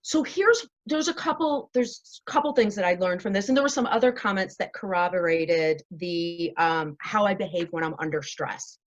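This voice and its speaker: A woman's voice: fairly low pitch, moderate pace, few pauses, highs cut off. A woman host, being interviewed, chatting casually and laughing at herself often over a video call. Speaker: show host, interviewed as guest.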